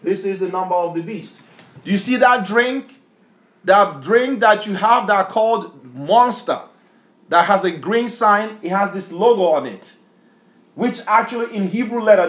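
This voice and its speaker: A man preaching a bible lesson, emphatic, repeatedly quizzing a reader with questions. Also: high voice. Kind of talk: street-style bible teaching sermon.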